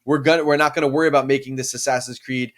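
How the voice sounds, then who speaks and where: A man's voice: medium pitch, fairly even intonation, racing. Rambling casual male podcast co-host. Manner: rambling, frequent fillers and restarts. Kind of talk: casual chat.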